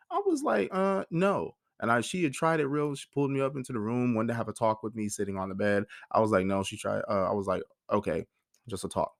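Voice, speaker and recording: A man's voice: mid-range voice, fairly bright tone, no room sound, studio quality. A man in his thirties hosting a podcast, telling a personal story in a blunt, emotional way, with a lot of swearing and acted-out dialogue. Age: 30s. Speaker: podcast host.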